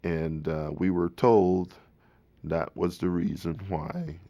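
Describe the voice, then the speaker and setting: Gravelly, slow-talking male FBI agent. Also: sits low, steady tone, mellow, no room sound, lo-fi sound. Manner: halting, deliberate, with fillers. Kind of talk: interview.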